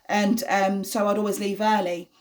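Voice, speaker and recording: A woman's voice: mid-range voice, little pitch movement, normal speed. A young woman, talking casually to camera as a vlogging mother, earnest and reassuring with lots of fillers. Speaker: vlogger, mother of an autistic son.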